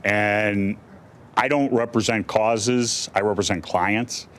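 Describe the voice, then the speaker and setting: A man's voice: lowish voice, fairly even intonation, slow pace, a bit bright. A middle-aged male defense attorney answering reporters' questions bluntly, with many restarts and fillers. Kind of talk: press conference answers.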